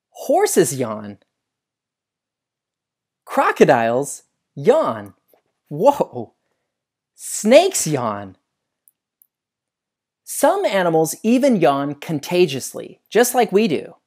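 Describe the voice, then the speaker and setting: Man, science host, kids' lesson, animated, very lively pitch, asks viewers questions, outdoors. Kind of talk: educational video lesson for kids. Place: outdoors by trees.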